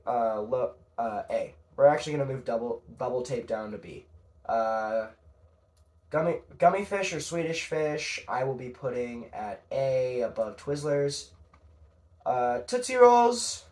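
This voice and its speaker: A young man with a medium-pitched, slightly mellow voice narrates a podcast as casual solo commentary. He rambles and hesitates, with frequent fillers and casual swearing.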